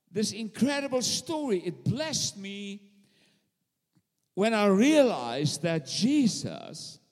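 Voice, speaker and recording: A man preaching a fervent sermon in a church, calling on the congregation to answer back. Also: sits high. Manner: fervent, repetitive preaching with call-and-response to the congregation. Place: church sanctuary. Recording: long hall reverb.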